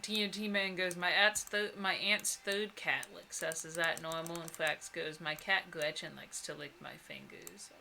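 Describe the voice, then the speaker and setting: A woman's voice: fairly low pitch, steady tone, moderate pace, creaky, few pauses, pushed and bright, a little hiss or hum. A woman co-hosting a casual gaming stream, reading viewer comments aloud and swearing casually. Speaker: co-host reading chat. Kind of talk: casual chat while gaming.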